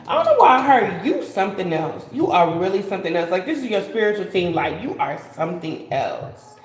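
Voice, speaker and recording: A woman's voice: fairly low pitch, sing-song, fairly quick, hardly any pauses, echoey room, rough recording. A woman giving a casual live-stream tarot reading, rambling and repeating herself, often saying "like". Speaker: tarot card reader.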